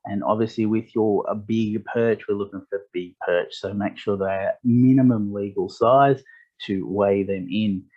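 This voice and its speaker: A man delivers a fishing tournament briefing in a low voice. He reads the rules and lists in a matter-of-fact way, with small fillers along the way. The audio is dull and lo-fi. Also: steady tone, unhurried. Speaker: tournament director.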